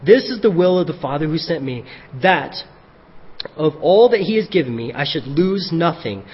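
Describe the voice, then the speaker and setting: A man preaching a sermon as pastor, animated, acting out the voices of the people he quotes. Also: on the high side, moderate pace, breathy edge. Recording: dull echoey hall.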